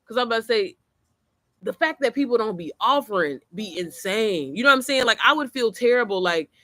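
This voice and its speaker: A woman chatting casually to camera on her computer, animated and quick to laugh, swearing freely as she tells stories. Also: on the high side, dry recording, clean studio sound. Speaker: vlogger. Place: outdoors, then inside. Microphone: computer mic.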